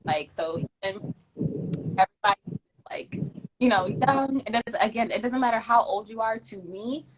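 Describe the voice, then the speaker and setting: A young woman hosting a casual livestream, giving emphatic, slangy shout-outs and thanks to her viewers. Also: on the high side, normal speed, slight background noise, poor audio. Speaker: livestream host.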